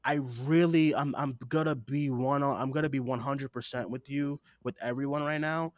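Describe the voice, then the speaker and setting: A man's voice: mid-range voice, steady tone, moderate pace, no room sound, studio quality. A man hosting a podcast in casual chat, rambling and earnest, swearing now and then, teary-eyed while speaking into a desktop mic. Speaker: podcast host.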